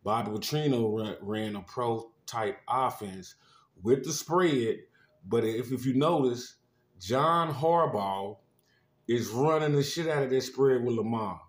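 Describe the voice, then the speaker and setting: A man's voice: medium pitch, measured pace, echoey room. A man analyzing football plays in casual sports talk, stumbling over restarts. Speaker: co-commentator.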